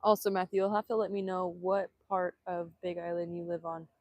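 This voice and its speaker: A woman vlogger chatting excitedly on a live stream outdoors, laughing often and filming on a handheld phone. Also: on the low side, fairly quick, dry recording. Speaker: vanlife vlogger. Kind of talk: casual live-stream chat. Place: outdoors in Hawaii.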